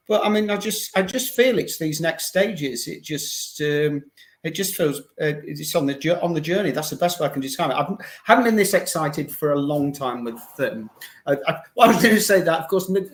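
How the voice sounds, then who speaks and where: An older man speaking as a guest fan in a casual chat, talking in a hesitant, halting way. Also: fairly high pitch. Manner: hesitant, many fillers and restarts.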